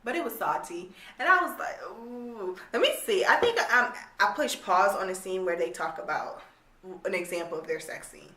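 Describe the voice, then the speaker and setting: A woman's voice: mid-range voice, sing-song, fairly quick, bright, forceful tone. Young woman, casual rant review, blunt and exasperated, swears, echoey room, distant mic. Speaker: book reviewer.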